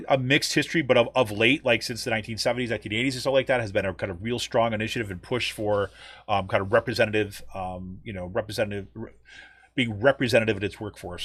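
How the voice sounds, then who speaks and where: A man's voice: mid-range voice, fairly bright tone. An American man co-hosting a podcast, chatting casually about news with lots of ums and restarts. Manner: rambling, many ums and restarts. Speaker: podcast co-host.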